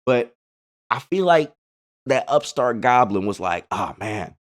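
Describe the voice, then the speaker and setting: A man's voice: medium pitch, animated, a little slow. A man casually commenting on card-game replays in a laid-back, slangy way, full of chatty asides. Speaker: gaming channel host.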